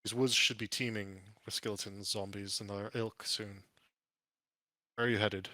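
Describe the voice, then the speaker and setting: Formal regal orc archer guy, slow and careful, kinda bright tone, dm putting him on. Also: on the low side, steady tone, no room sound. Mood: wary. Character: eloquent male orc ranger with a regal air.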